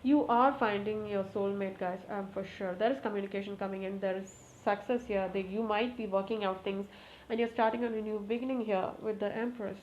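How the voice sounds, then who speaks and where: A woman does a casual tarot reading, speaking straight to her cards and repeating her requests to them. Her voice sits at an ordinary pitch and now and then breaks into excited exclamations. The recording is a little muffled, with a faint hiss of noise behind her. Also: fairly quick. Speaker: tarot reader.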